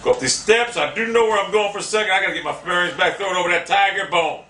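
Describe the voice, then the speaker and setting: A man giving live gameplay commentary, cursing and trash-talking opponents, often bursting into angry shouts. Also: sits high, very fast, reverberant, far from the mic, a little hiss or hum.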